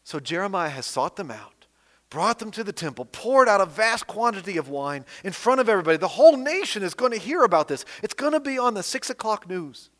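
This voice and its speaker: A man with a fairly high voice preaches a sermon, his words lingering in a long, ringing reverb. He reads scripture with strong, rising and falling emphasis. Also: big pitch swings, a little fast, a bit bright.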